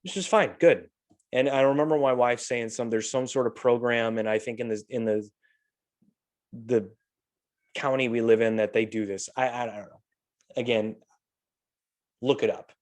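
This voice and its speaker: Medium in pitch and moderate in pace, this middle-aged podcast host often pauses as he spins casual stories. He's an animated storyteller who swears without restraint and performs the quotes he relays.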